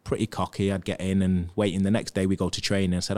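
Very deep-voiced man telling stories. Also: fast. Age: 30s. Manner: animated anecdotes, acting out what others said. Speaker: podcast guest, former footballer. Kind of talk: casual storytelling.

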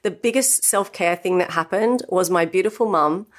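A woman's voice: on the low side, moderate pace. An Australian woman in her thirties, a guest telling her own story openly and reflectively, with many "you know" asides. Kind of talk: candid personal storytelling.

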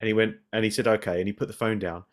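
A man co-hosting a casual podcast chat, rambling through anecdotes and getting animated as he laughs. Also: lowish voice, very fast. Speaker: podcast co-host.

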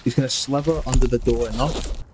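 A man's voice: medium pitch, steady tone, a little fast, noisy background. A man, chatting playfully as a tabletop player. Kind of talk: casual tabletop game chat.

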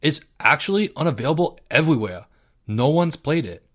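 A man's voice: fairly high pitch, expressive, fairly quick, a bit bright, slightly rough, voice pushed up. A man voicing an eager young schoolboy who is keen on video games.

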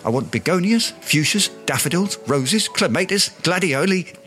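A man's voice: high-pitched, expressive, moderate pace, sharp tone, faint music behind. An actor playing a pompous, self-important Englishman in a radio sitcom, speaking in flowery words. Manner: grandiloquent, long-winded, flowery words.

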